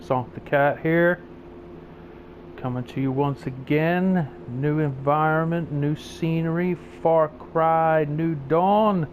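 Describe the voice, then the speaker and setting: A man rants about the news while playing a game, swearing hard and often. His voice sits a bit high and he talks slowly, drawing out his words. A faint hum of noise sits behind him. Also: steady tone. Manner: profane, angry, swearing heavily. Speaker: gaming channel host. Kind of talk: angry rant over gameplay.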